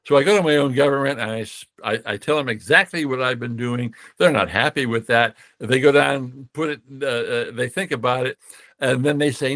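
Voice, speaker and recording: A man's voice: mid-range voice, a little fast, dry recording. Older American man, rambling storyteller. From United States. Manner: rambling, many restarts, animated when quoting others. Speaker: guest. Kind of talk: storytelling interview.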